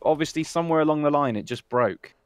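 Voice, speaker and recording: A man's voice: fairly high pitch, quick pace, crowd noise. A man guesting on a livestream, chatting casually in a wry, teasing way. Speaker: guest streamer.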